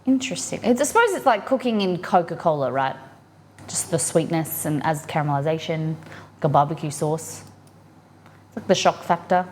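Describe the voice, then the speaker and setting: A woman's voice: deep voice, animated, moderate pace. Aussie woman live-streaming her cooking, chatty and cheerful, bit of faint hiss behind. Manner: chatty, upbeat, reacts to chat while cooking. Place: home kitchen.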